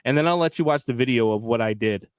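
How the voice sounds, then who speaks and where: A man's voice: mid-range voice, quick pace, clear, resonant tone, no room sound. Co-host, male, chatty storyteller, dry close sound. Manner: animated storyteller, many fillers. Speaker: podcast co-host. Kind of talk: casual live sports chat.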